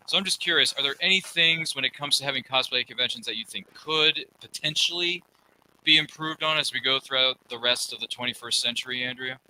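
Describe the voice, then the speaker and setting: Male panel host, quick lively delivery, bright tense tone, jokey tangents. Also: mid-range voice, a little hiss or hum, low-quality recording. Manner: rambling, jokey, goes off on tangents. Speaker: podcast host. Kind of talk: casual panel chat.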